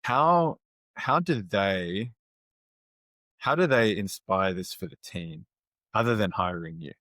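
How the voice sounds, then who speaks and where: A man's voice: sits low, slow, a bit bright, dry recording. A man hosting a podcast interview, talking things through in a thoughtful way and summing up what his guest says. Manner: thoughtful, summarizing the guest's points. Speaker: podcast host. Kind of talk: conversational interview.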